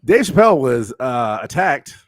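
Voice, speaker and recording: Male podcast co-host, lively rambling delivery, dry close mic, laughs a lot. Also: mid-range voice, moderate pace, no room sound. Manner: rambling, laughs often, frequent fillers and restarts. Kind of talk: casual chat.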